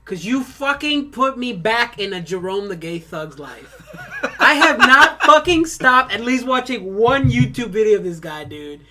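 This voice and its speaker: A man co-hosting a casual podcast, telling stories in an excitable way and swearing freely. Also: very high voice, measured pace. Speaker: podcast co-host. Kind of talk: casual chat.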